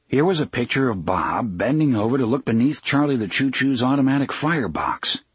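A man's voice: medium pitch, sing-song, brisk, breathy edge, no echo. A man reading a novel aloud as audiobook narrator, expressively voicing each character. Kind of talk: scripted narration.

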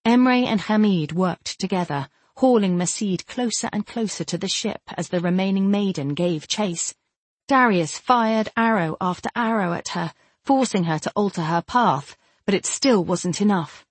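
Steady woman narrating a fantasy novel. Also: mid-range voice, normal speed, husky, no echo. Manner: steady, even storytelling. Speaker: audiobook narrator.

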